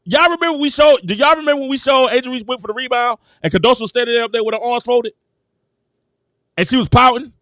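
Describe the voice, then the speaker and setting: Excitable high-voiced man hosting sports talk. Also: no room sound, clean studio sound. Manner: excitable, repeats himself, addresses viewers as "citizens". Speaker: sports commentary show host. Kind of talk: animated sports opinion talk.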